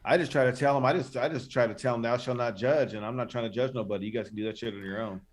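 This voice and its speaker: A man's voice: mid-range voice, rapid-fire. A man co-hosting a podcast in a laid-back, joking way, calling people bro and swearing casually. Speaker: podcast co-host. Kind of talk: casual profane chat.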